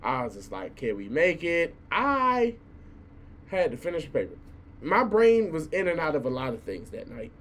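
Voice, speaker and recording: A young man in his twenties, a college student vlogger, telling a story in a casual, animated rant, swearing freely and stumbling over repeated words. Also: on the high side, moderate pace, slight background noise.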